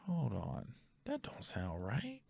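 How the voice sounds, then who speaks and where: A man's voice: lowish voice, huge pitch swings, slow, creaky, darkish tone, slightly rough, no room sound. A male podcast host telling a casual, rambling story, often stopping to correct himself and check facts aloud.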